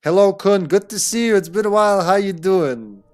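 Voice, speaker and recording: A man's voice: high-pitched, moderate pace, soft background music. A man hosting a live game stream from a room at home, greeting his chat by name in a casual, upbeat way with some swearing. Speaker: streamer and host.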